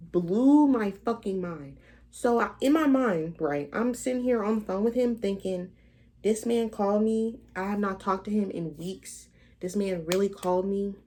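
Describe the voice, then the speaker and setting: A woman's voice: lowish voice, a little mellow. A young adult woman telling a story to her vlog camera in a blunt, emphatic, profane way. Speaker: vlogger. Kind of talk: casual storytime rant.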